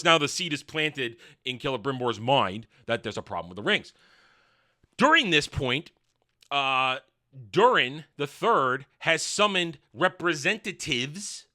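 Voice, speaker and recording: A man rants through a show review in a high, very bright voice. He is sarcastic and animated, leaping between asides and mock voices. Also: moderate pace. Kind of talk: casual review rant.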